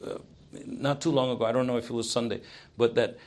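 Man preaching, loud then hushed. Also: medium pitch, fairly even intonation, fast. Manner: emphatic, swings between loud exhortation and hushed prayer. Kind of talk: sermon.

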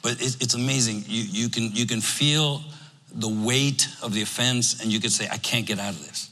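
A man preaching a sermon in a church, animated and emphatic, acting out what his listeners might say. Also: mid-range voice, normal speed. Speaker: pastor. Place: church sanctuary. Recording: long reverb of a church hall.

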